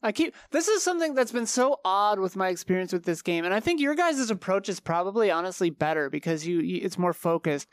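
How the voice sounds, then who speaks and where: Woman guest, casual chat, animated and laughing, mid-pitched, dry close sound. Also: dry recording. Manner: animated, laughs often, quick asides.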